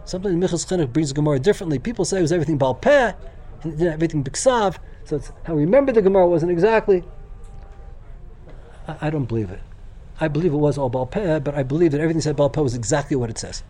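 An older man teaching a Torah class, speaking with excited enthusiasm and frequently restarting and repeating his words. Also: a little high, fast talker. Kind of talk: Torah lecture.

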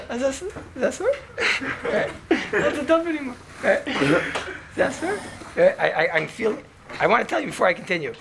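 Against a noisy background, a man with a voice that sits high and carries vocal fry spins an animated, talkative tale for an audience. He keeps dropping in Hebrew and Yiddish terms and checking in with "right?" again and again.

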